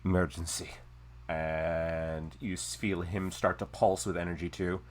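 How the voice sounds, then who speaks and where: A man narrating a tabletop game as game master, in slow, measured description. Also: sits low, fairly even intonation.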